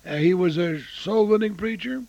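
A man in his eighties preaching a storytelling sermon, swinging between loud exclamations and hushed asides. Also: high voice, moderate pace, creaky, no room sound, dull audio. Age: 80s.

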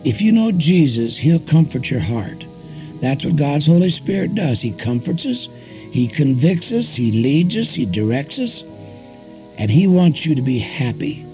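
An older man preaching as an evangelist, telling folksy stories and pushing his voice sharply higher on emphasis. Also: big pitch swings, a little slow. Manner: folksy storytelling preacher, voice climbing high in emphasis. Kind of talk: sermon. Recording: dull lo-fi recording with faint music.

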